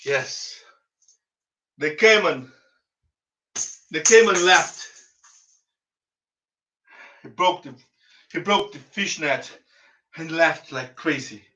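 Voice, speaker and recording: A man's voice: a little high, lively intonation, very slow, pauses often, pushed and bright. A man with a Brazilian Portuguese accent, a native Portuguese speaker, telling a dramatic story in English with emphatic repetition and direct address to his listeners. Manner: emphatic, repeats phrases, addresses listeners as friends. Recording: echoey, distant, dull lo-fi.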